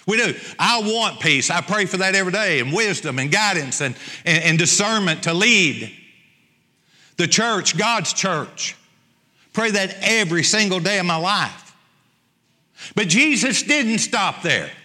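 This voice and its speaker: A man's voice: high voice, animated, unhurried, bright, forceful tone. A male pastor preaching a sermon, emphatic and repeating his key phrases. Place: church sanctuary. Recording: long church hall reverb.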